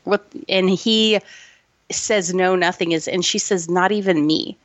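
A woman's voice: fairly low pitch, a little slow, dry recording, lo-fi sound. A woman co-hosting a podcast, retelling an old film with emotion and frequent laughter. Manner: emotional, gushing, laughs often. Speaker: podcast co-host. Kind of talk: casual film review chat.

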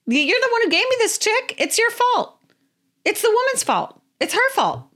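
This is a petulant grown man, whining high and loud as he blames everyone but himself, as a woman puts him on. His voice pitches far above a normal speaking level, and his complaints tumble out. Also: very animated, moderate pace, heavily acted. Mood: whiny blaming. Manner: petulant, blaming.

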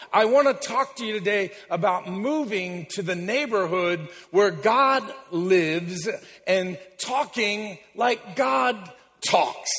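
Brief: male preacher, high voice, unhurried delivery, humorous but emphatic, long church reverb. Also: a bit bright. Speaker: guest preacher. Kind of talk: sermon. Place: large church sanctuary.

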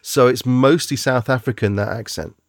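A man's voice: mid-range voice, moderate pace, no echo, clean studio sound. A man hosting a casual chat about movies, rambling and joking as he goes. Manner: rambling, jokey, trails off.

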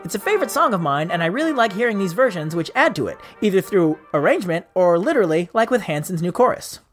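A man's voice: high voice, big pitch swings, quick pace, faint music behind. A middle-aged man hosting a holiday podcast in a jokey, goofy way, tripping over names. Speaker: podcast host. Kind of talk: jokey casual chat.

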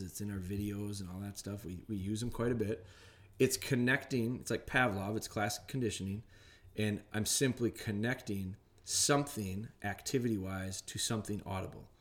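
A middle-aged man hosting a podcast, explaining dog training in a rambling, plainspoken way. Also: lowish voice. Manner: rambling, plainspoken, restarts often. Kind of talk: casual instructional talk.

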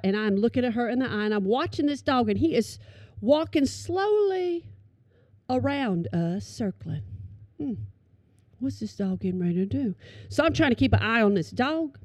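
A middle-aged woman telling comic stories to an audience, animated and calling them y'all. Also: fairly high pitch, moderate pace, dry recording. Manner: animated, addresses listeners as y'all. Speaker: storyteller.

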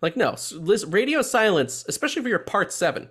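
Animated, swearing male podcast host. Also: high voice, brisk, a little hiss or hum. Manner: animated, profane, jokey. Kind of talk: casual chat.

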